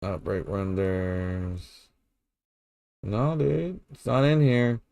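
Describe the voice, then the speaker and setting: Young male streamer, loose and profane, lively swings in pitch, dry close sound. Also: very slow, creaky, no room sound. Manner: rambling, swears freely, laughs often. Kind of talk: casual gameplay commentary.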